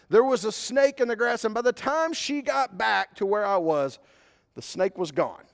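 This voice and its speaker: A man's voice: sits high, animated, normal speed, vocal fry. A man preaching a conversational sermon as a pastor, mixing scripture with a personal story. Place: church sanctuary. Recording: long hall reverb.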